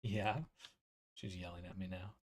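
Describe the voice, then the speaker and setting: A man's voice: low voice, little pitch movement, unhurried, a little hiss or hum. A man streaming casually, muttering to himself as he works on a building project. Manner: muttering to himself while working. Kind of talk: casual livestream chat.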